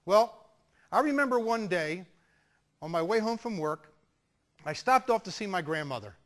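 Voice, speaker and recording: A man telling a personal story as a sales trainer, animated and acting out the dialogue. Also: sits high, moderate pace. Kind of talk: storytelling talk.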